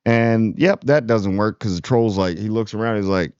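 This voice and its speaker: Man, TV review host, sarcastic, rambling, lowish voice, dry muffled recording. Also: moderate pace, a little mellow, clear, resonant tone, dry recording. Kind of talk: casual spoiler review.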